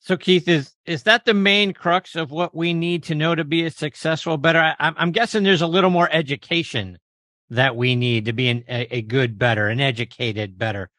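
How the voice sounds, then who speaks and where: A man hosting an interview, asking questions in a halting way and repeating words as he goes. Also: mid-range voice, bright, forceful tone, no room sound, studio quality. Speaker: podcast host. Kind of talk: podcast interview.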